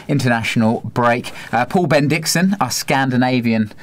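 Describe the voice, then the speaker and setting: A young man co-hosting a casual football podcast, chatting in a relaxed way and sometimes trying out accents. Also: medium pitch, moderate pace, a crowd in the background. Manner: relaxed, drops in mock accents. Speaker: podcast co-host.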